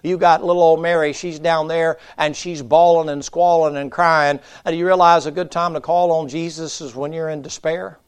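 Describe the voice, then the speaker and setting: A man preaching a revival sermon in a church, dropping to a hush and then climbing back up to loud emphasis. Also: on the high side, level tone, moderate pace, hardly any pauses, clean tone. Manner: folksy preaching, swings from hushed to loud. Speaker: pastor.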